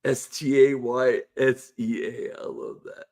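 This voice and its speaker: A man's voice: medium pitch, fairly even intonation, takes it slowly, vocal fry, darkish tone. A man hosting a casual live-stream panel show, laid-back and chuckling as he coaxes guests to join. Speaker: livestream show host.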